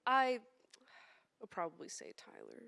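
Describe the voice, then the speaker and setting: A woman's voice: medium pitch, wildly swooping pitch, a little slow, gravelly, pushed and bright. A woman speaking as a guest on a live convention panel, thoughtful and hesitant. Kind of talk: casual panel chat. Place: convention stage.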